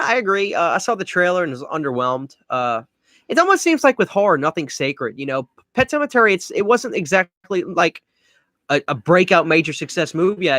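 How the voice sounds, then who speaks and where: A young Cajun man from Louisiana chats through a live Q&A, reading out viewers' names and rambling loosely between answers. His voice sits a touch high for a man, and the sound is dry and close with no room around it. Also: no echo. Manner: relaxed, rambling, reads chat names aloud. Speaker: livestream host answering chat. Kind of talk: casual live Q&A chat.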